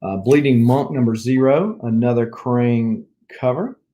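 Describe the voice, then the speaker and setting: Mellow-voiced Southern US man. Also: medium pitch, measured pace. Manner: rambling, chatty, listing items one by one. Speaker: comic book collector vlogger. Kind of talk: casual show-and-tell chat.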